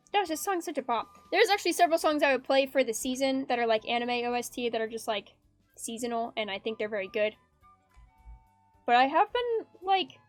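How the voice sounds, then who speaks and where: Woman, art streamer, high-pitched and giggly, loose rambling chat, dry close sound. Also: dry recording. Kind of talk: casual chat while drawing. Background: faint background music.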